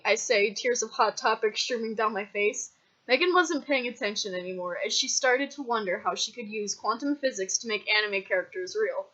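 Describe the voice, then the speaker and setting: A woman's voice: mid-range voice, normal speed, bright, forceful tone. Woman narrator, mock-dramatic comic reading, lo-fi audio. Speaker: fanfiction reader. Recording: dull lo-fi recording.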